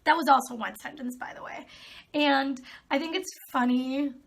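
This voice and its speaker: Young woman w a high voice doing a casual vlog, sarcastic and exasperated, laughs a lot. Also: a bit bright. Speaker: video creator. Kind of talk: casual commentary reading comments.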